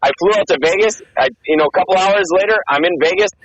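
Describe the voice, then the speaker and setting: A man in his thirties tells his stories in a rush, swearing freely and acting out every quoted line. His voice sits a touch high for a man. The audio comes through dull and lo-fi, like a call. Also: crowd noise. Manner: fast, profane, excited storytelling with acted-out quotes. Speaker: guest, former Marine and MMA fighter. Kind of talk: casual interview storytelling.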